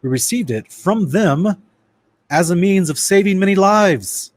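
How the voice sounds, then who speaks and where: A man gives a casual, lecture-style Bible study, calling his listeners "guys" and occasionally stumbling and restarting as he reads passages aloud. His voice is high, with lively intonation and a measured pace.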